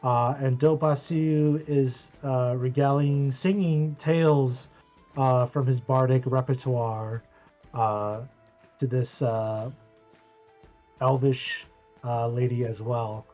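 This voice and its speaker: Slow halting game master, lo-fi audio. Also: medium pitch, fairly even intonation, warm tone, faint music behind. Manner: halting, many uhs. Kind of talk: narrating a tabletop game.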